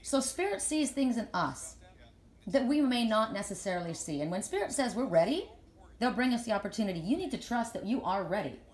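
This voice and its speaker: A woman's voice: fairly high pitch, big pitch swings, fairly quick. Rambling, earnest woman in an echoey room. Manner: earnest, rambling, repeats words when starting sentences. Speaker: spiritual reader and healer. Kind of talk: casual live chat to followers.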